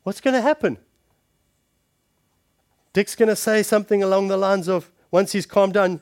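A man preaching a sermon, calling his listeners friends and shifting between forceful punches and hushed scripture reading. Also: sits high, steady tone, moderate pace, pauses often, dry recording, clean studio sound. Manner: emphatic, addresses the congregation directly as friends.

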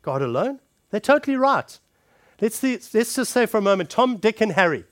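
A man preaching a sermon, calling his listeners friends and shifting between forceful punches and hushed scripture reading. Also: sits high, expressive, a little fast, no echo, clean studio sound. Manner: emphatic, addresses the congregation directly as friends.

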